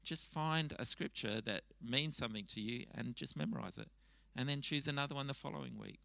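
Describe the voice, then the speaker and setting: A man preaching a sermon at a church service, talking conversationally and telling stories with lively restarts. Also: mid-range voice, brisk, creaky, dry recording, poor audio. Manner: conversational, animated storytelling with frequent restarts. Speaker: pastor.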